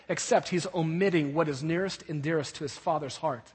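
A man's voice: a little high, a little fast, hardly any pauses, husky. A man preaching a sermon to a congregation. He stresses his points by repeating short phrases. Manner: emphatic, repeats key phrases. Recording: long reverb of a large hall.

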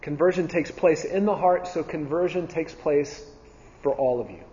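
A man with a slightly raised voice teaches a Bible class, earnest and repetitive, pausing on ums and restarting phrases. His voice carries a long hall reverb and sounds a little dull and muffled. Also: fairly high pitch, mellow. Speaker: church teacher.

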